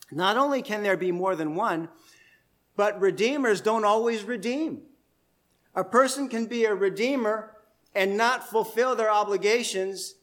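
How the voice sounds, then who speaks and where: The speaker is a male pastor with a high-pitched, fairly bright voice. He preaches expositorily, explaining point by point in a chatty way and asking his audience questions.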